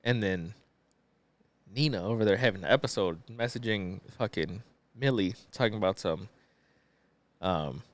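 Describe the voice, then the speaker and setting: A man's voice: fairly low pitch, moderate pace. A man co-hosting a podcast, casually retelling a movie plot in a laid-back, profane way with lots of fillers. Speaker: podcast co-host.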